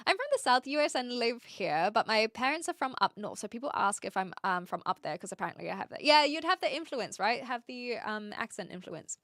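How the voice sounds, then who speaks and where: A woman's voice: on the high side, very animated, fairly quick, few pauses, fairly bright tone, no echo, clean studio sound. A woman streamer chatting casually with viewers, rambling and correcting herself with lots of fillers. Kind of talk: casual chat answering viewers.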